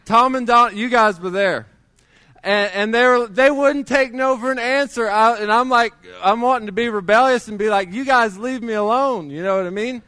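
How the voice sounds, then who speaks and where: A man's voice: very high voice, moderate pace, bright, forceful tone, smooth, no echo, studio quality. A middle-aged man preaching a sermon, telling his testimony in a conversational way with many restarts.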